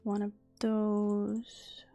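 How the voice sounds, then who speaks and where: A young woman streams a game in a loose, unhurried voice, mumbling her plans aloud. She chats casually and playfully scolds the animals on screen. Her pitch sits in an ordinary middle range and she takes her time between words. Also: monotone, dark tone, soft background music. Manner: chatty, muttering to herself, scolding game animals. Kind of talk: casual gameplay chat.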